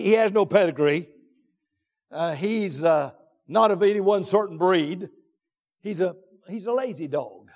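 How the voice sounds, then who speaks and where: A man with a very high voice preaches in a church, his words ringing out in a long hall reverb. He drags out his phrases and repeats them, then shouts his key points. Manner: drawn-out deliberate phrasing with repetitions. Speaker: pastor. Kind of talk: sermon. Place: church sanctuary.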